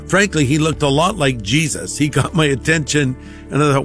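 A man's voice: fairly high pitch, lively intonation, fairly quick, soft background music. A man giving a conversational personal testimony, acting out the voices of the people in his stories.

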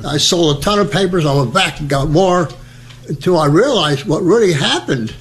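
An older man from New Jersey, telling his wartime memories as a lively storyteller who acts out the voices. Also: a little high, fairly quick. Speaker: veteran recounting memories. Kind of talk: oral history storytelling.

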